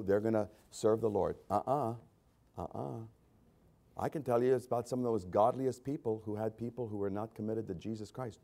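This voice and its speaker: A man preaching a sermon as a pastor, swinging between loud, emphatic repetition and quiet, conversational asides. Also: lowish voice, creaky. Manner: repeats phrases for emphasis.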